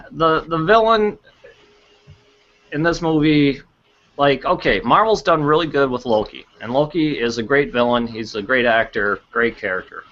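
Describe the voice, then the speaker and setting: A man's voice: medium pitch, a little slow, a bit bright. A man co-hosting a casual podcast chat, blunt and sarcastic, swearing freely. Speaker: podcast co-host. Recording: dull lo-fi podcast audio.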